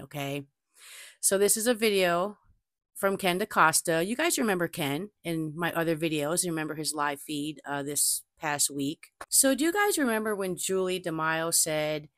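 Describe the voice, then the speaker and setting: A woman with a notably low voice chats to her viewers as host of her own channel, telling stories with animation and doubling back on her points. She talks into a desk mic, and the sound is close and dry. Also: normal speed, no echo. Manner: chatty, animated storytelling, repeats herself. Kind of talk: casual chat to camera.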